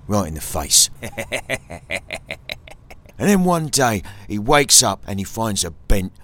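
Deep-voiced deadpan British storyteller man. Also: slow pace, long pauses, over loud music. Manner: deadpan, escalating absurd tall tale, teasing a sidekick. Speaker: comedian. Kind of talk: comic storytelling monologue.

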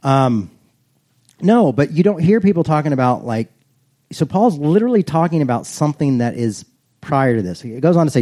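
A man preaching a casual, humorous sermon, chatty and self-joking, reading scripture slowly and deliberately. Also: on the high side, expressive, dark tone. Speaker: pastor.

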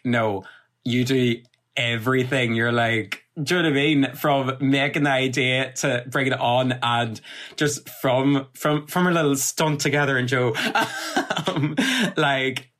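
A man's voice: mid-range voice, fairly bright tone. Rambling young man hosting a podcast. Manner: rambling, swears freely, lots of fillers and laughs. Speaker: podcast host. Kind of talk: casual chat.

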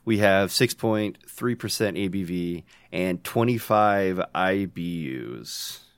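A man's voice: deep voice, takes it slowly, smooth, dry recording. A man with an American accent co-hosting a casual podcast, joking around and laughing often. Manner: joking and laughing often, reads labels aloud. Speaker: podcast co-host. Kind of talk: casual chat.

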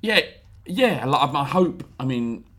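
A man's voice: mid-range voice, sing-song, takes it slowly, a crowd in the background. A man, co-hosting a casual podcast and joking around with friends. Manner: joking, laughs often. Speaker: podcast co-host. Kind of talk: casual banter.

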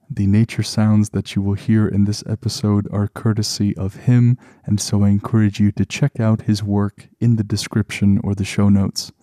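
A man hosting a relaxation podcast, speaking in a slow, calm, soothing way to help listeners unwind. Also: on the low side, no echo. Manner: soft, soothing, deliberate delivery. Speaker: podcast host.

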